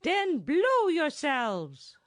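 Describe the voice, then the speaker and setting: A woman's voice: high voice, wildly swooping pitch, extremely slow, no room sound, studio quality, pitched above the performer's own voice, exaggerated voice. Woman doing a pompous German bandmaster. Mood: blustering. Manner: pompous, scolding, mangled English. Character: blustering middle-aged German bandmaster, bossy. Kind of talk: audiobook character voice.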